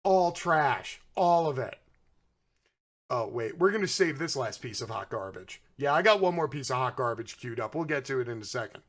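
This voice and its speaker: A man's voice: medium pitch, expressive, normal speed, a bit bright. Sarcastic ranting male commentator. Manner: sarcastic and mocking, swears freely. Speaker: political commentary host.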